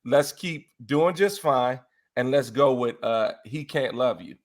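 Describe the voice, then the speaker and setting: A young man chatting casually as a podcast guest, animated, often laughing and breaking into bits of song. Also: medium pitch, unhurried. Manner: animated, exclaims and sings snippets, laughs often.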